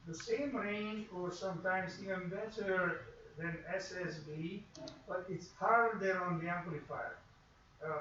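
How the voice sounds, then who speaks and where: A man's voice: high voice, pushed and bright, a little hiss or hum. A man teaching a radio course, explaining in a lecture style and acting out examples in quoted asides. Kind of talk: classroom lecture. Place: classroom. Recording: echoey room, far from mic, dull.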